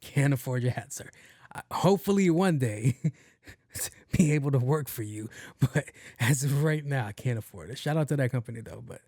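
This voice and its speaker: A man's voice: medium pitch, lively intonation, moderate pace, mellow, no echo, studio quality. A young man hosting a podcast, telling a rambling, profane story and acting out both sides of the conversation. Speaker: podcast host. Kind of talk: casual storytelling monologue.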